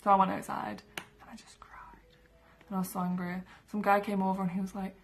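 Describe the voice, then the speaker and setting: Young Englishwoman vlogger, chatty storyteller, level delivery with a creaky edge. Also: mid-range voice, level tone, brisk, soft background music. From England. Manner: chatty, many "like" and "um" fillers. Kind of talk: casual storytelling to camera. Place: her room indoors.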